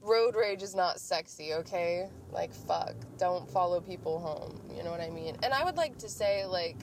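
A woman's voice: on the low side, animated, moderate pace. A young woman hosting a casual podcast while driving, rambling and swearing freely as she vents. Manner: profane, venting, rambling. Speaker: podcast host. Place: inside a car in the rain. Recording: noisy car interior.

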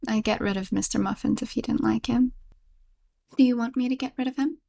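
A woman voicing a clingy, obsessive yandere girlfriend in a whispered role-play, soft and stammering, with frequent giggles. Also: on the high side, steady tone, fairly quick, vocal fry. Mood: doting, soft.

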